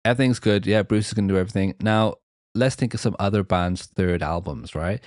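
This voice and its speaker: Deep-voiced chatty podcast host from Wales. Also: male voice, fairly quick, darkish tone, no room sound, clean studio sound. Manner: chatty, rambling, with fillers and laughs. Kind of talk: casual podcast chat.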